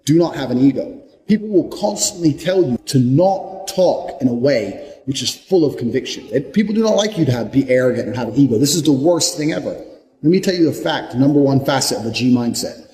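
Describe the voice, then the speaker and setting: A man's voice: medium pitch, expressive, fairly quick, dark tone. A young adult man giving a blunt, profane motivational monologue, speaking with hard conviction. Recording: echoey room with long reverb.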